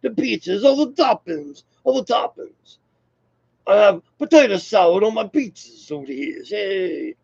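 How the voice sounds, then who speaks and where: A man putting on a poor mock Italian accent as an excitable stereotyped Italian man rambling about food. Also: high-pitched, normal speed, vocal fry, breathy edge, muffled recording, voice pushed up, heavily acted. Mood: excited.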